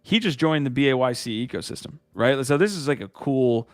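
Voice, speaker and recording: A man's voice: mid-range voice, lively intonation, fairly quick, dry recording. A man hosting a casual podcast who rambles, restarts his sentences and laughs as he talks. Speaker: podcast host. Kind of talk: casual chat.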